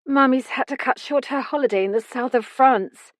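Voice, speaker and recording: A woman's voice: high-pitched, normal speed, no room sound, studio quality, pitched above the performer's own voice, natural voice. Woman reading as a hurt young woman, weak voice, trying to sound like she doesn't care. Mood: weak, guarded. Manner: weak, faintly nonchalant. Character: young Englishwoman, injured, weak and guarded.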